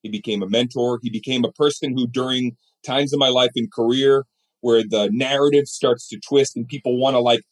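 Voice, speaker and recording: Man, middle-aged, interview guest, animated storyteller, acts out voices. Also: mid-range voice, a little fast.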